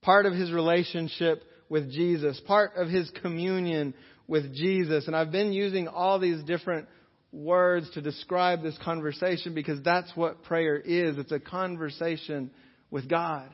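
A man preaching a sermon as pastor, earnestly, slowing down to stress key phrases. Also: on the high side, steady tone. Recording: dull lo-fi sound in a reverberant hall.

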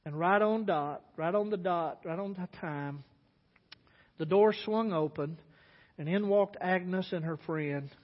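A pastor tells a sermon story in an animated way, acting out the voices. His voice is very high for a man. A dull, lo-fi recording carries a long reverb from a church sanctuary. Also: measured pace.

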